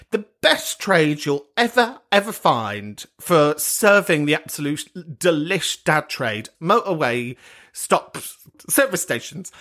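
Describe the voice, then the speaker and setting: A camp, foul-mouthed man in his thirties hosts a chatty podcast. His voice is bright and forceful, and it jumps all over the place in pitch. He laughs often as he talks. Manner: sweary, camp and gossipy, laughs a lot. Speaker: podcast host. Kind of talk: casual comedic chat.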